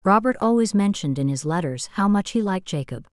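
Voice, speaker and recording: A woman reading an audiobook in a steady, measured way as scripted narration. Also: mid-range voice, dry recording, clean studio sound.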